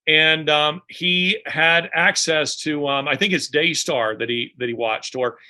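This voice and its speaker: A man's voice: a little high, measured pace, pushed and bright. A man speaking as a guest in an interview, talking unhurriedly with many restarts and fillers. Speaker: guest author. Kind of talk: conversational interview.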